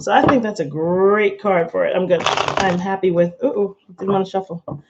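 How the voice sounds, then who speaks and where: A woman's voice: lowish voice, steady tone, brisk, background noise. A woman doing a casual live tarot reading, chatty and giggly, rambling between the cards and her viewers. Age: adult, not under eighteen. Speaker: tarot reader. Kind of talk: casual live-stream chat. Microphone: webcam or phone, camera from below. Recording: slightly dull lo-fi stream audio.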